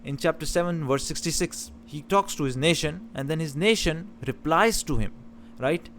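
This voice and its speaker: A man's voice: fairly high pitch, normal speed, a bit bright, a little hiss or hum. A man teaching about scripture in a talk, stressing key words with emphasis and often restarting his phrases. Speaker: religious teacher.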